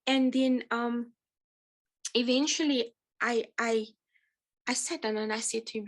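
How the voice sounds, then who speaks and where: A woman giving an earnest, halting personal testimony at a church support meeting, speaking with feeling and frequent pauses. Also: fairly high pitch, steady tone, low-quality recording. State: emotional. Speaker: speaker sharing her testimony.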